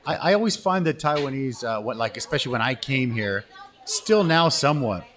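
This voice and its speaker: A Canadian man hosting a casual interview, enthusiastic and quick to chime in with affirmations. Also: mid-range voice, lively intonation, fairly bright tone. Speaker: podcast host.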